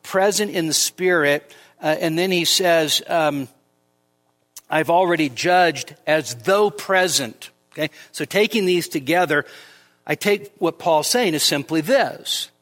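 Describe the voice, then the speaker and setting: A pastor with a bright voice preaches slowly through an expository sermon, his words filling a large hall in the church sanctuary. His manner is conversational, dotted with fillers and rhetorical "right?" checks, and he rises steeply in pitch and loudness when reading scripture.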